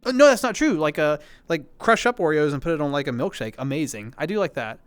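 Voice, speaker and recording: A man's voice: on the high side, lively intonation, clean tone, no room sound. A man hosting a casual livestream, answering chat in a rambling way, often correcting himself and apologizing. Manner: rambling, self-correcting, quick to apologize and laugh.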